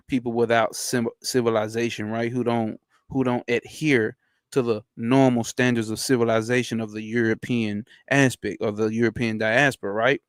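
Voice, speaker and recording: A man hosting a livestream, reading a text aloud in halting stops and breaking off into loose, profane slang asides. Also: mid-range voice, flat delivery, clean tone, no echo, studio quality. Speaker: livestream host. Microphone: home streaming setup.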